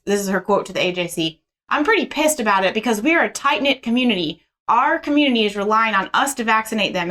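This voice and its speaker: A woman's voice: mid-range voice, bright, forceful tone. A woman co-hosting a casual political podcast, blunt and sardonic. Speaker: podcast co-host.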